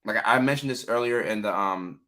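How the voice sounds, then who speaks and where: A man hosts a casual livestream in a bright, forceful voice that sits a little low. He talks loosely and warmly to his viewers, stumbling through fillers and calling out their names. The delivery is informal and conversational. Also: fairly quick. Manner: chatty, reads viewer names aloud, many fillers. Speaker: livestream host, mental health clinician.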